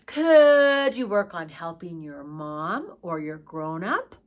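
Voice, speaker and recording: A woman teaching a preschool lesson, asking the children questions in a slow, sing-song way and singing short songs. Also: fairly low pitch, very animated.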